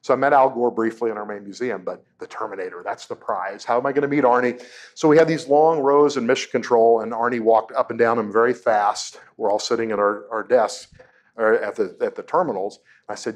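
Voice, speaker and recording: A man lecturing an audience in a lecture room, his voice pitched in the middle range for a man. He tells stories with self-deprecating jokes and throws questions at the crowd. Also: lively intonation, normal speed. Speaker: propulsion engineer giving a public talk. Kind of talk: humorous public lecture with anecdotes.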